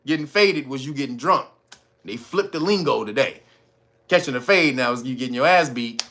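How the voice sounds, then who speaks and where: Animated, laughing man with bright voice. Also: mid-range voice, moderate pace. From Los Angeles. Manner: animated, slangy, often laughing and acting out quotes. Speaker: commentary host. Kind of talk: casual commentary monologue.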